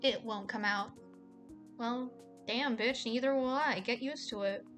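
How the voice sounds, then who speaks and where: A young woman streaming a game, reading the story aloud and chatting, sarcastic and quick to swear. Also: fairly high pitch, fairly bright tone, soft background music.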